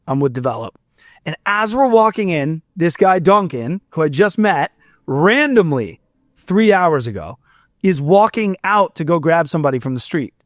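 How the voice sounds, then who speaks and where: A man's voice: on the high side, moderate pace, dry recording, clean studio sound. Young man telling a story. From Fort Myers, Florida. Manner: animated, swears, acts out quotes. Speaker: musician guest. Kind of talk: casual storytelling.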